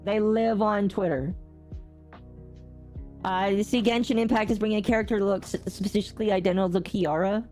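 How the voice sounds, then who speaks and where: A woman gaming streamer chatting casually to her live chat, ranting with big jumps in pitch and frequent laughter. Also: fairly even intonation, brisk, a little mellow, soft background music.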